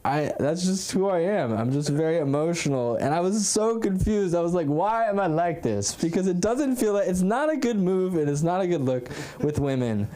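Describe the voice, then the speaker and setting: A man's voice: high-pitched, expressive, normal speed, hardly any pauses, dark tone. A young man doing a stand-up set at an open mic, rambling and self-deprecating, with lots of fillers. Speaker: stand-up comic. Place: comedy club stage.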